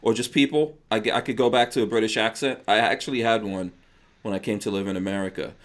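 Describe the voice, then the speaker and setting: A man's voice: on the low side, fairly even intonation, fast talker. A man hosting a podcast in casual chat, joking and teasing his guest and laughing often. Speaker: podcast host.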